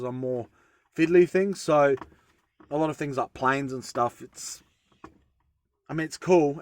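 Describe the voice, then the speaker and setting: Easygoing bloke, mid-pitched voice, rambling tutorial chat, dry close sound. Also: male voice, no echo. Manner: rambling, self-interrupting, easygoing. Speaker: bushcraft vlogger.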